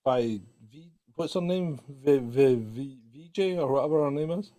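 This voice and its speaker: A man's voice: medium pitch, normal speed, mellow. A man co-hosting a live stream, bantering and telling anecdotes with casual swearing. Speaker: co-host.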